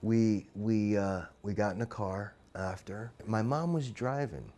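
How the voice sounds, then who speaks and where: A middle-aged man recounting a childhood memory in an interview, swearing constantly, his voice surging loud and then dropping low. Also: a little slow, a little hiss or hum. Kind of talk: emotional storytelling.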